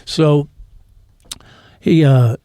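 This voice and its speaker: A man's voice: on the high side, steady tone, drawn-out words, dark tone, clean tone, dry recording, clean studio sound. A middle-aged man, a former cop telling stories bluntly and profanely in an interview, acting out what people said. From New York. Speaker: interview guest, former police officer. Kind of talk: candid storytelling in a podcast interview.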